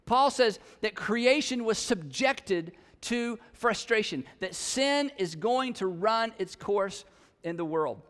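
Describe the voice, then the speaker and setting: Man, middle-aged, pastor, conversational sermon, animated, high voice, long hall reverb. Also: slow.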